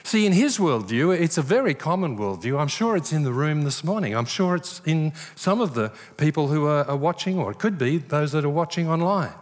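A man's voice: fairly high pitch, brisk, hardly any pauses. An older man preaching a sermon, telling stories and acting out the voices he quotes. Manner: animated storyteller, acts out quoted voices. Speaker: pastor. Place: church hall. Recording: long reverb of a large hall.

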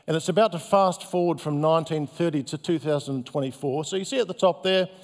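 A male pastor giving a sermon in a gentle, conversational, self-deprecating way. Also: on the high side, brisk. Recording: long hall reverb.

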